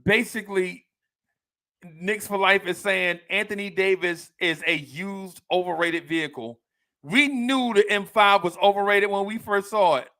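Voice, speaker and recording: Slow, gravelly New Jersey man. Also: high voice, sharp tone. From Jersey City, New Jersey. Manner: laughs often, repeats himself, slangy and playful. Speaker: podcast host reading listener comments. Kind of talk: casual live podcast chat.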